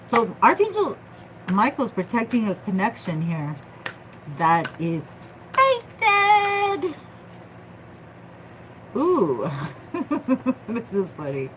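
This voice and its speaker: Rich: A woman giving a casual tarot reading, playful and full of slang as she jokes with her viewers. She talks in an unhurried, drawn-out way at a middling pitch. A faint hum of ambient noise sits behind her. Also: sing-song, low-quality recording. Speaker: tarot reader.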